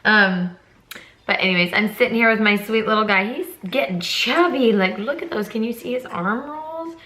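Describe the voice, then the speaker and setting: A woman's voice: on the high side, moderate pace, sharp tone, poor audio. A young woman chatting casually to her phone camera at home, rambling and self-deprecating. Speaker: vlogger and foster mom. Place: home, indoors.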